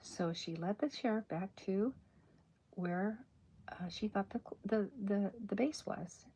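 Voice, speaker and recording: A woman chatting in a soft-spoken, whispery way during an ASMR drawing livestream, rambling and correcting herself as she goes. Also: mid-range voice, a little slow, slightly rough. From American South. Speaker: cartoonist streaming live.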